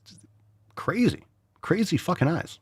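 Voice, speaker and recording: Blunt, animated male podcast host. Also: a little high, unhurried, husky, dry recording, studio quality. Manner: blunt, profane, mocking voices for emphasis. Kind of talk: casual opinionated chat.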